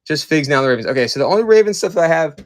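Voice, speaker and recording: A man's voice: fairly high pitch, lively intonation, rapid-fire. A man from Maryland running a live-stream collectibles auction, chatting casually with viewers while he sorts through items.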